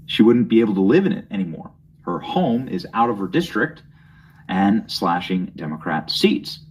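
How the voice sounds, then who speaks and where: A man's voice: on the low side, big pitch swings, normal speed, slight background noise, rough recording. A young man hosting a political commentary show, reading news aloud with mocking, snide asides.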